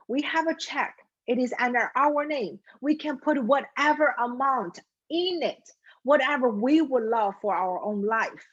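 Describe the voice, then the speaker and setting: A woman's voice: a little high, husky, lo-fi sound. A woman mindset coach telling a story and then speaking earnestly and directly to her viewers.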